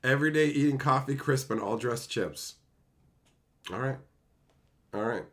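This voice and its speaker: A man's voice: medium pitch, measured pace. A man streaming live, reading chat and ranting at it in profane, exasperated bursts.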